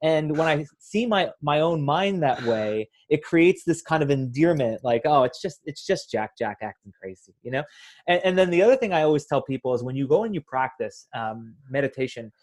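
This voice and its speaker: A man in a podcast conversation, explaining mindfulness in a casual, playful way that turns soft and reflective. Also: a little high, animated, moderate pace. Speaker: mindfulness guest.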